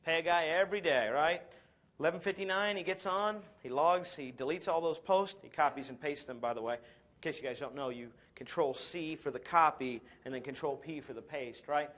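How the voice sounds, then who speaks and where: Upbeat male seminar presenter, a touch high-pitched, with dry sarcasm and self-mockery. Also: normal speed. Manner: energetic, sarcastic and self-mocking. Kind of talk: live marketing talk to an audience.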